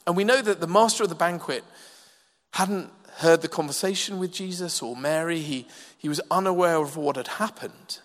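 A man preaching a sermon in a church, measured and emphatic with dramatic pauses. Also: fairly high pitch, lively intonation, a bit bright. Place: church hall. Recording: long reverb of a large hall.

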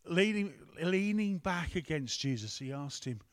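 A man's voice: on the high side, expressive, a little slow. A man preaching a conversational sermon, breaking off to ask the room and the tech team for help. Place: church hall with a screen.

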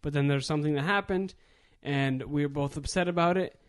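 A man with a slightly higher voice than most, chatting casually on a podcast. He rambles reflectively, circling back and restarting his thoughts, with fillers scattered throughout. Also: brisk. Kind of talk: casual chat.

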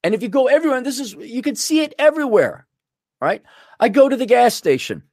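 A man's voice: very high-pitched, big pitch swings, fast talker, darkish tone, dry recording, studio quality. A man hosting a podcast, ranting in a blunt, sarcastic and crude way. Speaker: podcast host. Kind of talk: ranting monologue.

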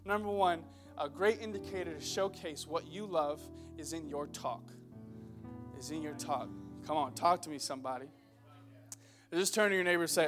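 A young male pastor in his twenties gives a lively, loud sermon, cracking jokes and calling out to the congregation. His voice sits high. A faint guitar plays behind him in the church. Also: normal speed, pauses often. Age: 20s. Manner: loud, joking, calls out to the crowd. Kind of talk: energetic sermon. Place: church hall.

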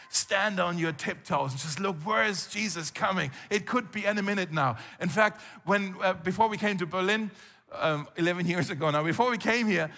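A man preaching a conversational sermon as a pastor, animated, with frequent rhetorical questions to the congregation. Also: high-pitched, in a large hall. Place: church hall.

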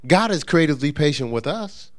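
A man pastor preaching a sermon, acting out quoted voices and slipping into a quiet storytelling tone for a personal story. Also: a little fast. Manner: animated preaching with rising emphasis and quoted voices; drops into a low, soft storytelling voice.

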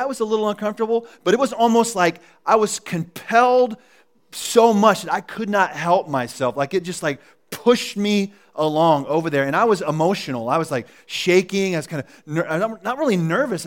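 A male pastor giving a sermon at church, telling a personal story in a casual, chatty way and laughing at his own jokes. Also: fairly high pitch.

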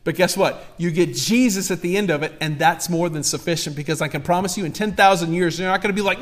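A man's voice: a little high, quick pace, hardly any pauses. A male pastor delivering a sermon with impassioned, emphatic preaching and repeated exhortations.

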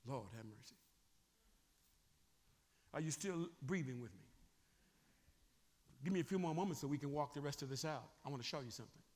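A man preaching a sermon as a bishop, animated and often asking the congregation whether they are still with him. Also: on the high side, fairly quick, pauses often, big-room sound.

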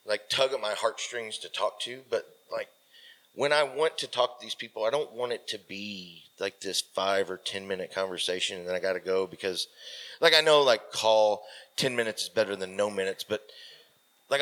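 Low-voiced man telling a story. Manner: rambling, filler-heavy, trails off softly. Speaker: military veteran guest. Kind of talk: casual storytelling.

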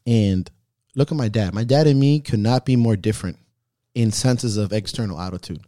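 A man's voice: fairly low pitch, moderate pace, dark tone, no room sound, studio quality. A man hosting a podcast, telling heartfelt personal stories in casual talk full of swearing. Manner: profane, heartfelt storytelling. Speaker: podcast host.

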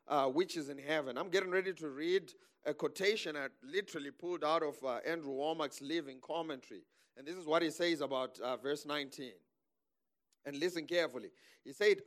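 Animated preacher man, higher voice. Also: moderate pace. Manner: animated, calls for amens, laughs. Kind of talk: sermon.

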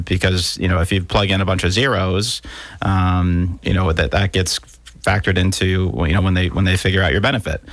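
A man's voice: deep voice, no room sound. A man co-hosting a money podcast, explaining steadily in casual chat with many fillers. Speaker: podcast co-host.

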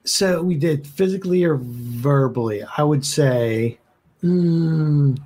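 A man's voice: on the high side, slow, mellow. A man playing a tabletop game, eagerly describing his character and asking the game master questions. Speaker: player. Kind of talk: casual tabletop play.

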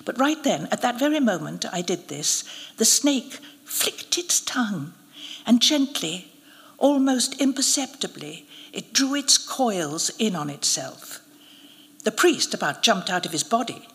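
A woman, an actress, reading a short story aloud at a live event in a measured, expressive way. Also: medium pitch. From United Kingdom. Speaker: narrator, actress. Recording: reverberant hall at a live event.

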